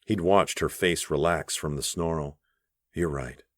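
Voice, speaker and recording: A man narrating an audiobook in a measured, even storytelling voice on a close studio mic. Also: deep voice, no echo. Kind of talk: scripted narration.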